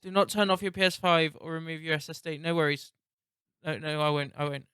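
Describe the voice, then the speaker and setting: A man doing excitable, sweary gameplay commentary and narration, laughing often. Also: on the high side, a little fast, clear, resonant tone, no echo, studio quality. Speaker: gaming YouTuber.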